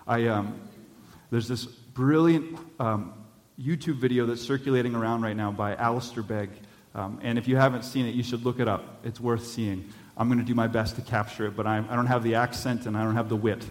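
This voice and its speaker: A man's voice: medium pitch, big-room sound. A male pastor preaching a sermon in a church, earnest and building to urgent appeals.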